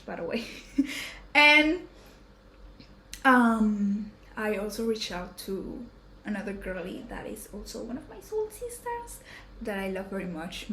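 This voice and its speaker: A woman's voice: mid-range voice, fairly bright tone. A woman in her twenties hosting a podcast, talking in a chatty, emotional way with lots of fillers and restarts. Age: 20s. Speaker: podcast host. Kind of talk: casual personal chat. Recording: roomy echo with faint background hum.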